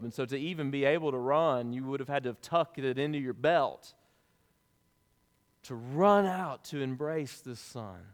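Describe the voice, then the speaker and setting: A man preaching a sermon as pastor, in a lively, conversational way with casual asides, in a church sanctuary. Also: medium pitch, clean tone. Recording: long reverb of a large hall.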